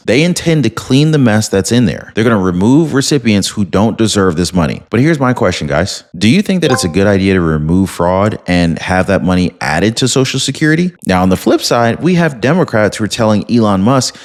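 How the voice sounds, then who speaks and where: A man's voice: on the low side, sing-song, fairly quick, hardly any pauses. A man hosting a video commentary channel, talking emphatically and addressing his viewers directly.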